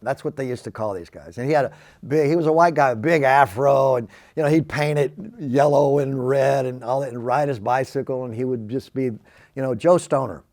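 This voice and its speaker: An older man from Texas, telling his personal faith testimony in an animated way and acting out the quoted speech. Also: medium pitch, a little fast. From Texas, USA. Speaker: Christian testimony speaker.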